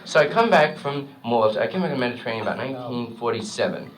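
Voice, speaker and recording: A man's voice: mid-range voice, lively intonation, fast. A male comedian in his thirties telling a stand-up story in a rambling, conversational way. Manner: rambling, conversational, peppered with "you know". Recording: distant, noisy old live recording.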